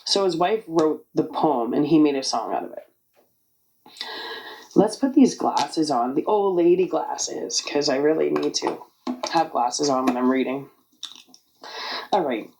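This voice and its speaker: Raspy, gravelly woman in her forties. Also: low-pitched, expressive, measured pace, long pauses, dark tone, poor audio. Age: 40s. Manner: candid, rambling with many "like" fillers. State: raspy from allergies. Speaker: vlogger. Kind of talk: casual personal vlog talk.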